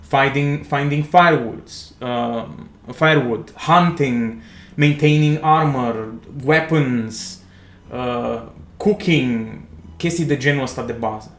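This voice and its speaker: A man, narrating a tabletop game as game master in a slow, dramatic second-person style. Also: medium pitch, echoey room.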